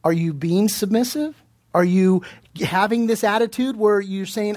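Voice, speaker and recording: A man preaching as pastor has a voice that sits high with a darkish tone, and he speaks a little slowly. He is earnest and direct, putting pointed questions to listeners and repeating himself, restarting his words as he searches for them.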